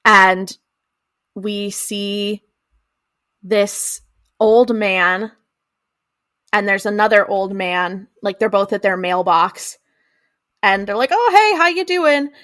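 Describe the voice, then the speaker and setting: A woman's voice: medium pitch, level tone, takes it slowly, pauses often, a bit bright, dry recording, studio quality. A woman co-hosting a podcast, giving a chatty, giggly episode recap. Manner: chatty, giggly, lots of fillers and acted quotes. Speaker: podcast co-host.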